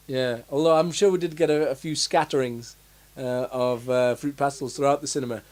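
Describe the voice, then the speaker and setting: A man's voice: mid-range voice, fairly even intonation, a little fast, darkish tone. A young man co-hosting a casual chat about films, rambling with lots of fillers and restarts. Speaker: podcast co-host.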